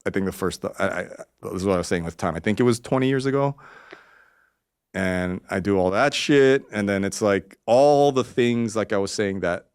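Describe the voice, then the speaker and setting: A man's voice: on the low side, normal speed, darkish tone, smooth, no room sound, clean studio sound. A man in his forties, a podcast guest telling stories in a rambling, profane way, acting out quotes in a raised voice. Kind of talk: casual storytelling interview.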